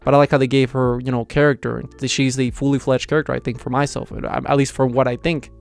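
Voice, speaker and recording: A man's voice: mid-range voice, little pitch movement, quick pace, creaky. A young man giving a casual, rambling manga chapter review, with plenty of fillers and enthusiasm.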